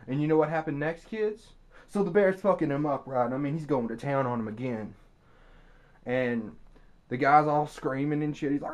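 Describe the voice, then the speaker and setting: A man's voice: on the high side, normal speed. Crude, sarcastic young man ranting. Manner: crude, profane, sarcastic storytelling; loud outbursts of mock screams. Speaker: vlogger. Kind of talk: ranting commentary to camera. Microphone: camera mic.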